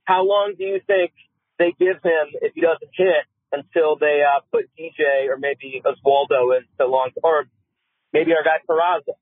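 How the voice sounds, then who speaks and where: Male caller from Boston, high and rambling, tinny phone sound. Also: fairly even intonation, normal speed, no echo. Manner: eager, rambling. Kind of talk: call-in radio.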